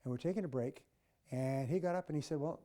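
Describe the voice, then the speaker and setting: Emphatic older man, mellow voice. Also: fairly high pitch, quick pace. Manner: emphatic, mimics office chatter with quacking. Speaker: speaker. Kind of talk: motivational storytelling.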